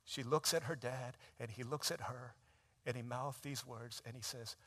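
A man preaching a sermon, retelling a film scene in a conversational way, dropping to a hush and rising to loud emphasis. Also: medium pitch, steady tone, moderate pace. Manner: conversational storytelling, swings from hushed to shouted. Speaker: pastor.

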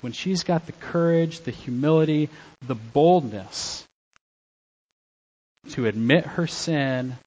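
A middle-aged man preaching a sermon as a pastor, swinging between loud exhortation and quiet, soft-spoken asides. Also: mid-range voice, poor audio.

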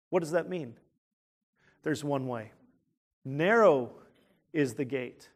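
Man, pastor, sermon, fairly high voice, earnest, rhetorical questions, quiet to emphatic.

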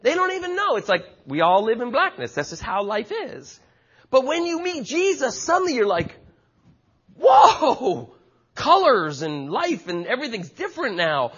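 A man's voice: very high-pitched, very animated, moderate pace, fairly bright tone, slightly rough, dull audio. A man preaching a sermon with passionate, emphatic delivery and frequent repetition. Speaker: pastor.

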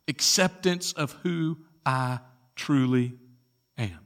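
A man preaching a sermon and reading scripture aloud, building to loud emphatic peaks and then dropping low. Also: measured pace. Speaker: pastor.

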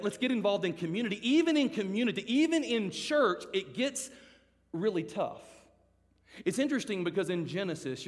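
A man telling a funny story as a youth speaker, acting out the voices of the people in it and swinging from loud to hushed. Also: high voice. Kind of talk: storytelling sermon. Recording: long hall reverb.

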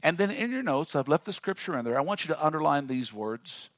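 A male pastor preaching a lively sermon and calling on the congregation to respond. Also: a little high, quick pace, hardly any pauses, dry recording, studio quality. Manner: dynamic, call-and-response with the congregation.

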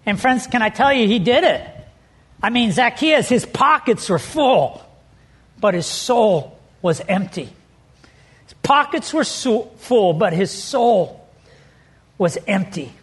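A man's voice: sits high, animated, slow, pauses often, breathy edge. A middle-aged man preaching a sermon as pastor, telling stories with animation and leaning hard on key words.

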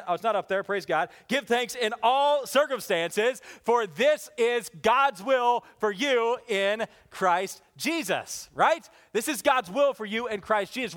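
Animated high-voiced male pastor preaching. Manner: animated, rising to emphatic peaks then dropping soft and low. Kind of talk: sermon. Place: church sanctuary with congregation.

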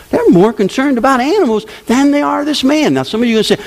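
A man preaching a sermon to his congregation, with conversational asides, dropping to low murmurs and rising to loud exclamations. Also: big pitch swings, moderate pace. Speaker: pastor.

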